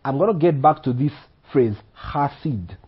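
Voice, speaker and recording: Male preacher, sermon, husky voice, rhetorical questions, dull lo-fi recording. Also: mid-range voice, animated, normal speed. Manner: rhetorical questions, frequent "Okay?" check-ins.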